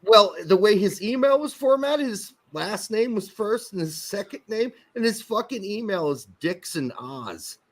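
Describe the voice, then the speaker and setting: Animated, higher-voiced man bantering on a podcast. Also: measured pace, hardly any pauses, slight background noise. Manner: joking, swears freely, rambling asides. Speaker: soccer podcast co-host.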